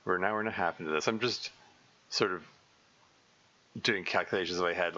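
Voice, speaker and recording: A man's voice: low-pitched, steady tone, a little fast, long pauses, sharp tone, highs cut off. A man streaming a visual novel, rambling and thinking aloud with many restarts.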